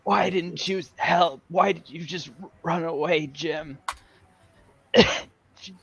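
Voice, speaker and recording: Feeble dying ghost , as a player puts it on, halting pleas, slow and dull-sounding. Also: male voice, fairly high pitch, fairly even intonation, gravelly, a bit bright, slightly rough, no room sound, full character voice. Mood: pleading. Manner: halting, coughing, stammering whispery pleas. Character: dying male adventurer's ghost, weak and pleading.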